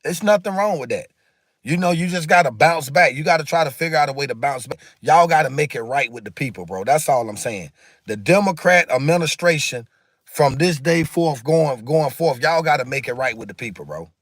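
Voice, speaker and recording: A man's voice: fairly high pitch, expressive, brisk, fairly bright tone, no room sound, studio quality. A man hosting a casual livestream, talking emphatically and repetitively in a preachy way while answering viewer comments. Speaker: livestream host.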